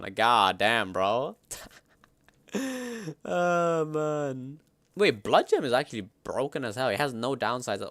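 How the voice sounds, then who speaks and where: A young man, a streamer chatting casually and reacting in loud, slangy outbursts. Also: mid-range voice, dry recording.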